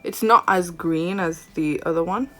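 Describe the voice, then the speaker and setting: Beauty vlogger lady, slow and gushy, squeals over shades, faint music behind. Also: lowish voice. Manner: gushing, excitable, gasps and squeals at shades. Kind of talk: makeup tutorial chat.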